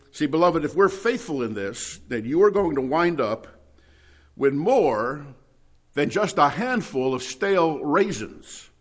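A middle-aged man preaching a sermon, emphatic, with loud stressed words and quiet asides. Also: mid-range voice. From New Jersey.

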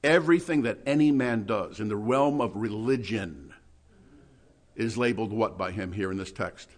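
A middle-aged man preaching a sermon, emphatic, with loud stressed words and quiet asides. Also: fairly low pitch, normal speed. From New Jersey.

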